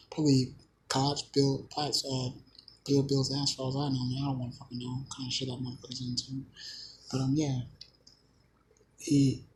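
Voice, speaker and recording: A man's voice: mid-range voice, darkish tone, rough recording. A man delivers a loose, meandering monologue straight to his viewers, packed with swearing and broken-off sentences. His voice sits in an ordinary middle register. A faint hum of background noise runs underneath. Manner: swearing constantly, hesitant, restarting. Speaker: channel host. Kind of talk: profane rambling monologue.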